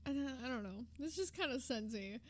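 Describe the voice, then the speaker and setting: A woman's voice: sits high, expressive, a little fast. A woman streamer giving mocking, profane reaction commentary with laughing asides.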